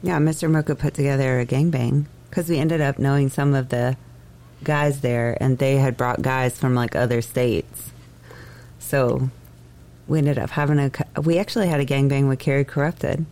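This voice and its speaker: Creaky-voiced woman co-hosting a podcast. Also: extremely low pitch, steady tone, moderate pace, mellow. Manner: laughing, chiming in to correct her husband. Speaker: podcast co-host. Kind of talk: casual chat.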